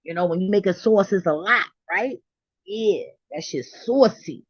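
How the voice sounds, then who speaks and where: A woman's voice: mid-range voice, measured pace, husky, no echo. A middle-aged woman vlogging in a hyped, profane, laughing casual monologue. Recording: dull, dry lo-fi recording.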